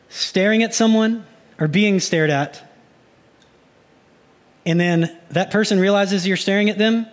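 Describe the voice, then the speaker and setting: A pastor with a somewhat high voice delivers an animated sermon. Now and then he slips into mock inner voices to drive his point home.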